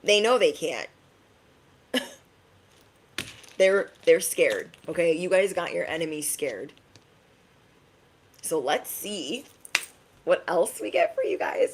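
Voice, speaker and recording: A woman giving an energetic tarot reading to her viewers, emphatic and sassy, often tagging her lines with "okay?". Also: on the low side, slow pace, long pauses, background noise. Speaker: tarot reader.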